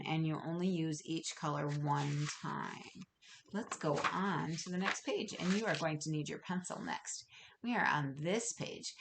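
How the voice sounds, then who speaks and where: A gentle, fairly low-pitched voice of a middle-aged woman teaching young children on video. She speaks slowly and encouragingly, pausing to ask the kids questions. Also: creaky, slight background noise.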